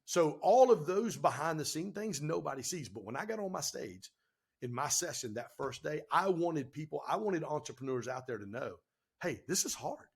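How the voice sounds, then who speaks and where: Husky, emphatic man telling stories. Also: on the high side, moderate pace. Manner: animated, emphatic, casual slang. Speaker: guest entrepreneur and speaker. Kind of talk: energetic podcast storytelling.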